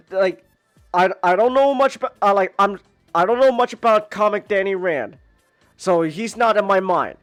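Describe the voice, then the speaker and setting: Podcast host, male, high voice, dry close mic, stammering rant that swings from mutters to near-shouts. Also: no room sound. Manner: stammering, repeats words, swears, swings from mutters to near-yells. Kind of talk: casual ranting review.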